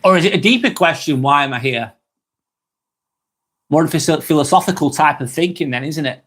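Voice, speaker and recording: A man's voice: a little high, lively intonation, brisk, fairly bright tone. A man hosting a live stream, reading viewers' comments aloud and chatting back in a casual, rambling way. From England.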